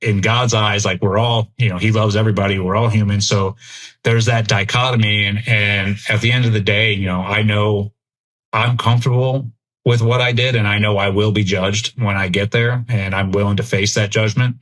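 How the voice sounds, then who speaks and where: A middle-aged military veteran from the United States appears as a podcast guest, speaking candidly and reflectively in an interview. His voice is on the low side and a little bright. He comes across as earnest, thinking aloud as he goes.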